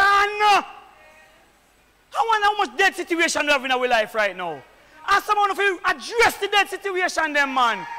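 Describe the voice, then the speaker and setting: A man with a Jamaican accent, a deacon preaching fervently at a church meeting, often shouting. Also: very high voice. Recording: echoey church hall.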